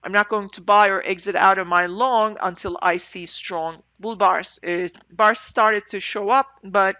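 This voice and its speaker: A congested woman breathing through her mouth gives an end-of-day market review as a trader, thinking aloud in halting phrases with fillers. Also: mid-range voice, steady tone, bright, forceful tone, dry recording, dull audio.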